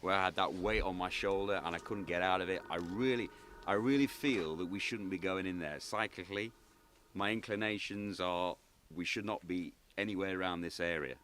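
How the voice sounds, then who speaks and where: A grave psychic medium, speaking in a very low voice with earnest caution and halting restarts. Faint noise hangs behind him. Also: male voice, a bit bright. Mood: earnest, wary.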